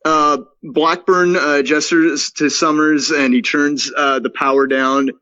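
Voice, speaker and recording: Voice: mid-range voice, fairly even intonation, slow pace, sharp tone, dry recording, muffled recording. A podcast co-host chatting and reading a screenplay aloud, hesitant, with many filler sounds. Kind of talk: casual chat and reading a script aloud.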